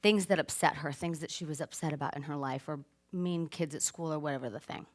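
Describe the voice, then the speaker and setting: A woman, probably in her thirties, telling a personal story to an audience, animated and acting out the moments she describes. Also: low voice, brisk. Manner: animated, acts out voices and screams in her story. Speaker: speaker giving a stage talk.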